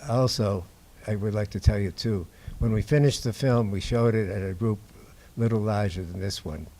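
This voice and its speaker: An older man from Boston, a documentary filmmaker telling stories to an audience in a halting, unhurried way. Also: on the low side, vocal fry, a little mellow, a little hiss or hum. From Boston, USA. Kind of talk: anecdotal talk to an audience. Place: indoor screening before an audience.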